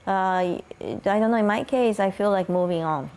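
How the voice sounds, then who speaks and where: A woman's voice: mid-range voice, normal speed. A woman from Brazil, a guest in an interview, telling her life story in a chatty way with frequent light laughter.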